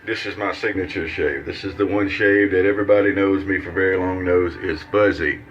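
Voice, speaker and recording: A Mississippi shaving vlogger with a Southern accent demonstrates a shave while chatting in a folksy, rambling, joking manner. His voice is low-pitched and fairly even in intonation, and he talks a little fast. The sound quality is lo-fi.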